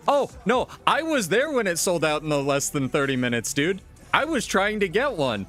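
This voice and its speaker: A man's voice: sits high, a bit bright. A male streamer from the United States in casual live-stream chat, ranting with lots of swearing and exasperation.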